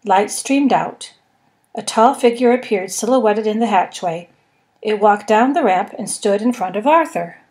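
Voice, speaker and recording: A woman narrating a comic science fiction novel in a measured, wry storytelling manner. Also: mid-range voice, darkish tone. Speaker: podcast narrator. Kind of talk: audiobook reading.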